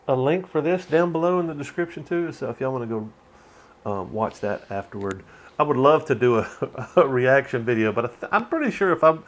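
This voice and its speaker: Rambling man chatting about a movie. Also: medium pitch. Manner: rambling, laughs often, swears. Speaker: channel host. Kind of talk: casual movie commentary.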